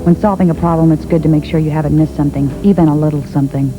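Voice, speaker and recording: A man narrating as a detective in a deadpan, clipped, matter-of-fact style. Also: fairly high pitch, racing, music in the background, rough recording.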